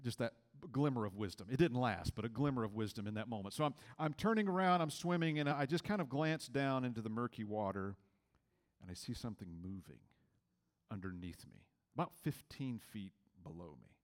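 A middle-aged man from Georgia preaching a sermon, telling a personal story in a conversational way, acting out the dialogue and dropping to quiet, low tones for emphasis. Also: brisk, big-room sound. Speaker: pastor.

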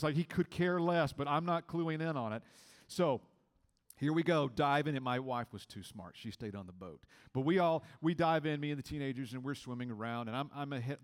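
A middle-aged man from Georgia preaching a sermon, telling a personal story in a conversational way, acting out the dialogue and dropping to quiet, low tones for emphasis. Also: fairly quick, big-room sound. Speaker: pastor.

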